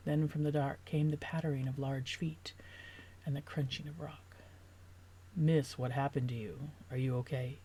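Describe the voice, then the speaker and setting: A woman's voice: low-pitched, warm tone, a little hiss or hum. A woman author reading her own novel draft aloud, stopping now and then to rework a sentence.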